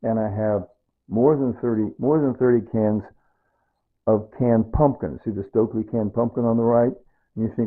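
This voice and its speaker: A man's voice: mid-range voice, steady tone, normal speed. A man talking a home cooking video through in a casual, rambling way, repeating himself as he goes. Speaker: home cook. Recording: tinny phone-like audio.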